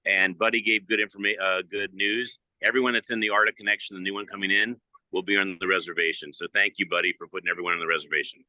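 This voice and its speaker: A man on a video call, talking quickly and upbeat before heading off. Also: low voice, flat delivery, bright, forceful tone, no echo, rough recording. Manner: hurried, upbeat. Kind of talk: casual chat.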